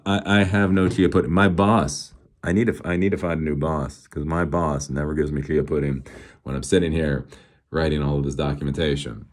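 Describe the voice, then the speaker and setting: Low-voiced middle-aged guy ranting about tech, sarcastic, rambly, keeps chuckling. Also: fairly even intonation, brisk. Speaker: tech commentary host. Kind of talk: casual solo commentary.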